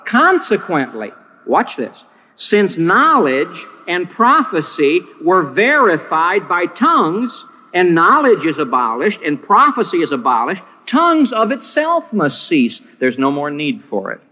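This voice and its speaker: A man's voice: wildly swooping pitch, measured pace, breathy edge. Emphatic preacher man in a reverberant hall. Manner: emphatic, rising to stress points then dropping low. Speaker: pastor. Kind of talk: sermon. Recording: dull lo-fi recording with long hall reverb.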